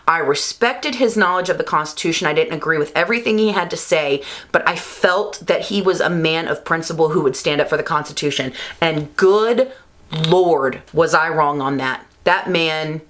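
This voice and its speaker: A woman's voice: fairly quick, hardly any pauses, a bit bright. Angry woman ranting to camera. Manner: angry, emphatic, swearing, rising pitch when worked up. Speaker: vlogger. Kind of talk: heated political rant to camera.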